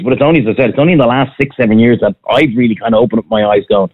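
A man's voice: mid-range voice, rapid-fire, few pauses, phone-quality sound. An Irish man, a former restaurant owner, ranting emphatically in a heated casual chat.

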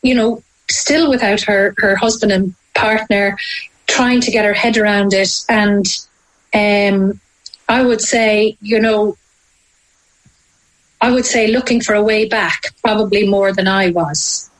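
Speaking as an interview guest, a woman from Ireland with an Irish accent shares something deeply personal, her delivery emotional, halting, and full of restarts. The tone is steady, but the audio is poor.

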